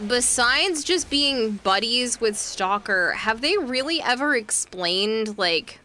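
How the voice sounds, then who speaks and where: A woman's voice: on the high side, lively intonation, slow, pushed and bright, slight background noise. A woman streaming a game, chatting casually and reading viewer messages aloud with fillers and asides. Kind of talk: casual livestream chat.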